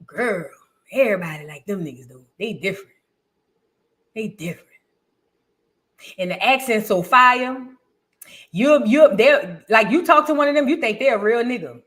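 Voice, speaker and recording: A woman with a high, bright-sounding voice hosts her own commentary channel. She rambles in loose slang and speaks bluntly and animatedly. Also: animated, normal speed, pauses often. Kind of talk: casual reaction commentary.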